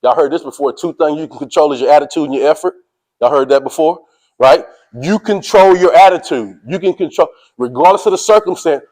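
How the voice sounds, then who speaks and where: A high-pitched man gives a fired-up motivational talk to a team. He talks in casual slang, says "y'all", and keeps calling out to his listeners to make them pay attention. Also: brisk, poor audio. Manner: energetic, preachy, calls out to listeners. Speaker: motivational speaker.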